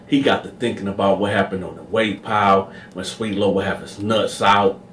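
A man's voice: deep voice, moderate pace, fairly bright tone, far from the mic, slight background noise. A man telling a prison story in a casual, slangy way, talking to his listeners directly. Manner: slangy, addresses listeners as y'all. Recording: echoey room, away from the mic.

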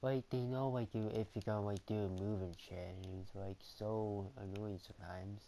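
A man's voice: lowish voice, steady tone, moderate pace, warm tone, slight background noise. A young man giving casual gameplay commentary on a wrestling game, rambling and repetitive with plenty of swearing. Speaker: gamer commentating his match.

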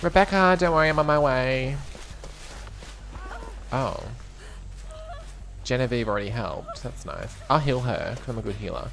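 Live gameplay commentary comes from a young man with a mid-range, fairly bright voice marked by vocal fry. He talks at a normal speed with long pauses, sassy and camp, cursing freely and erupting into shrieks and laughs.

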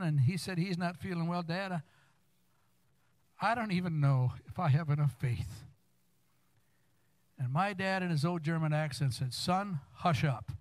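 An older man in his sixties preaches from the pulpit, his voice sitting a little high for a man. He tells family stories plainly, then climbs into fervent, emphatic exhortation with stumbling restarts. The sound is dry and close, with almost no room echo. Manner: storytelling, rising to fervent emphasis; stammering restarts. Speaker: guest preacher. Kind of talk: sermon. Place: church sanctuary.

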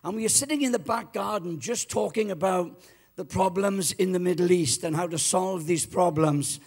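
A man's voice: high-pitched, moderate pace, gravelly, a little mellow. A Welsh man in his seventies preaching a sermon as a guest pastor, telling stories with exuberance and rallying the congregation. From Wales. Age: 70s. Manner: exuberant storyteller, rallies the crowd. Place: church.

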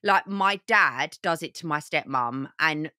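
A young woman co-hosting a podcast, animated and exclaiming, acting out other people's lines in a high voice. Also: a little slow, dry recording, studio quality. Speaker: podcast co-host. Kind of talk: casual chat.

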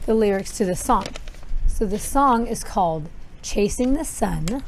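Woman rambling on her podcast out by the horses, candid, curses a bit, mid pitch. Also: darkish tone. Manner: rambling and candid, many "like"s, swears casually. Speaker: podcast host. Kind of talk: casual chat. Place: outdoors by a horse corral. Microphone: podcast microphone outdoors.

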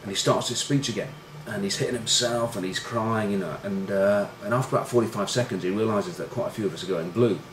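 A fast talker who hardly pauses, this middle-aged ex-rugby player has a slightly low voice and rambles through casual tales with plenty of profanity, fillers and self-mockery. Room echo and a faint background hiss are audible.

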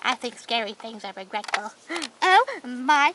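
A woman's voice: fairly high pitch, unhurried. A woman voicing a whole group of toy characters, chattering and squealing through their banter in a playful role-play. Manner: excitable, squealing, chattering banter between figures. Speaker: toy video creator voicing all the characters. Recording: noisy home recording.

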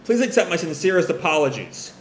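A man's voice: fairly high pitch, big pitch swings, fast talker. A flustered, overly polite young man who sputters his words, read by a man close to his own voice. The sound is echoey, with a faint hiss underneath. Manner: sputtering, formal.

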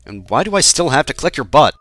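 A man narrating his playthrough of a game with a sarcastic, joking edge, talking back at the characters. His pitch swings widely as he reacts. The sound is dry and close, with no room around it. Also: big pitch swings, quick pace, a bit bright, dry recording, faint music behind. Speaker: let's play host. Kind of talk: gameplay commentary.

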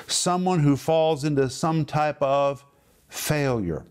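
A middle-aged man giving a television Bible teaching, emphatic, repeating phrases for stress and slowing down on key words. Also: a little high, a little mellow, clean tone.

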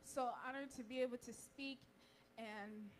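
High-voiced young woman preaching at church. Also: fairly even intonation, slight background noise. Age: young adult. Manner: fervent tearful prayer, then warm measured preaching. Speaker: youth speaker at church. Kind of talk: sermon. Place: church sanctuary.

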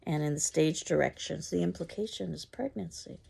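A woman's voice: low-pitched, fairly quick, creaky, a little mellow, breathy edge. A woman explaining a play to a class and reading its stage directions aloud, with frequent fillers.

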